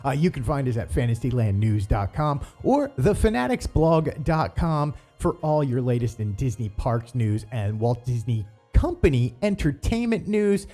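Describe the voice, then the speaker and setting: A man's voice: mid-range voice, sing-song, moderate pace, few pauses, mellow, soft background music. A middle-aged man hosting a theme-park news show in casual, rambling chat full of ums and uhs.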